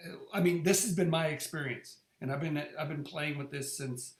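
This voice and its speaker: A middle-aged man tells his story in a relaxed, casual way. His voice sits a little high, and he stumbles over his words and repeats them. The sound rings around an echoey room. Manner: halting, repeats words and restarts often. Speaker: presenter sharing his experience. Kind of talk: casual conversational talk.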